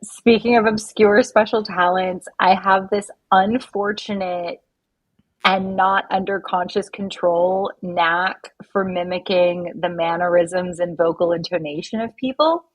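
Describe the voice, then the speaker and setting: A woman's voice: lowish voice, fairly even intonation, unhurried, breathy edge, poor audio. A woman who works with clients, talking in casual podcast chat, thoughtful and hedging with many fillers.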